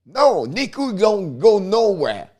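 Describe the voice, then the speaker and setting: Frustrated hockey commentator with tinged English. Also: male voice, high voice, sing-song, slow pace, darkish tone. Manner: heated, frustrated, repetitive, broken English phrasing. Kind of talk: ranting fan commentary.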